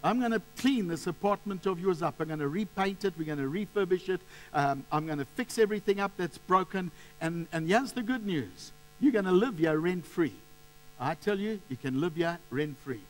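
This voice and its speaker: A man playing a kindly building owner who speaks with slow, firm reassurance. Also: sits high, lively intonation, poor audio. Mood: reassuring.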